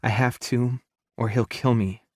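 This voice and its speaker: A wounded young woman speaks softly through tears, pleading and afraid, voiced by a man reading an audiobook. The sound is close and dry, with no room around it. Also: mid-range voice, steady tone, measured pace, no room sound, natural voice. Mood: frightened. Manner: soft, pleading, teary.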